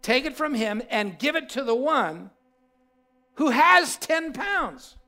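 A man's voice: very high voice, sing-song, takes it slowly, bright, forceful tone, voice pushed up, heavily acted. A man voicing a commanding king who scolds a servant in a parable. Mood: stern. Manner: roaring, scolding.

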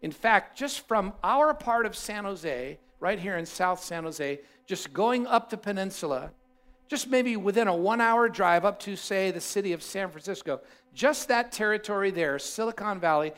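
Male pastor, high pitch, emphatic sermon storytelling. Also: moderate pace, clean tone. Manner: animated storytelling, repeats himself for emphasis.

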